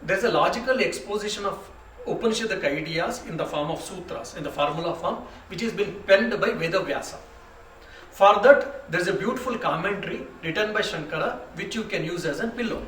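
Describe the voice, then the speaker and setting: A monk leads a spiritual retreat, telling stories in a relaxed, conversational way and slipping into the voices of his characters. His voice sits a little high for a man. It reaches the mic from a distance in a roomy, echoing space with faint room noise. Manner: unhurried, conversational, with frequent restarts and asides. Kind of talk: spiritual lecture with storytelling.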